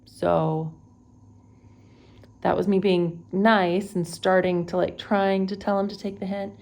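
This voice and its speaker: Gravelly-voiced young woman from Texas recounting. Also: fairly low pitch, flat delivery, takes it slowly, darkish tone. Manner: conversational, with many fillers and self-corrections. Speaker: travel vlogger. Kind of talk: unedited personal retelling. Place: at home.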